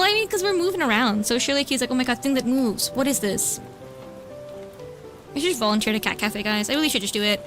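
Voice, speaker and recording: Bubbly young woman streamer with a high voice, casual chatter, coos at her cat. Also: sharp tone. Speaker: vtuber streamer. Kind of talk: casual livestream chat while drawing. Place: home room.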